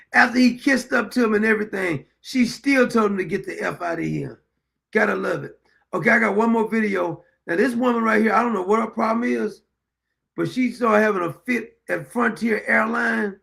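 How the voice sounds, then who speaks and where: A man hosts a commentary show, reacting bluntly and mockingly to clips. His voice sits high and is heavily gravelly, with a lot of fry. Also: a bit bright.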